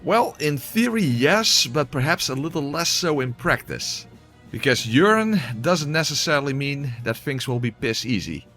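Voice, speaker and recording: A man's voice: mid-range voice, animated, unhurried, fairly bright tone, faint music behind. A man giving casual gameplay commentary and voice-over narration, exclamatory, swearing, with wry asides.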